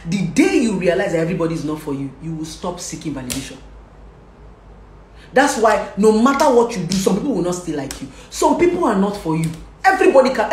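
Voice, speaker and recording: Nigerian-accented young woman, talkative vlogger, lively advice chat; roomy, echoey recording. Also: mid-range voice, a little hiss or hum. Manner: lively, talkative, laughs often, slips into Pidgin. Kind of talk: casual advice vlog.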